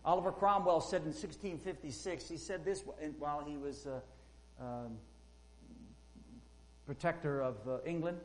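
A man preaching a sermon, fervent and rising loud when he quotes, with frequent fillers. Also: fairly high pitch, normal speed, long pauses, a little hiss or hum, low-quality recording.

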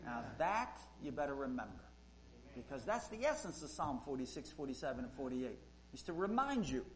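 A man preaching a sermon, fervent and rising loud when he quotes, with frequent fillers. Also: mid-range voice, sing-song, brisk, a little hiss or hum, low-quality recording.

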